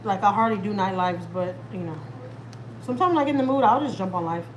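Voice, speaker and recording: A family vlogger from Texas, USA, chats casually and at length with viewers during a live stream from home. Her mid-range voice is expressive and quick, and she rambles chattily while talking straight to the audience. The recording is rough, with a little hiss or hum.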